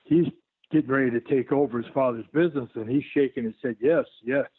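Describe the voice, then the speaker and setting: A man's voice: medium pitch, fast talker, breathy edge. An older man, a guest on an interview, tells a long rambling story full of fillers and restarts. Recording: tinny dry phone line.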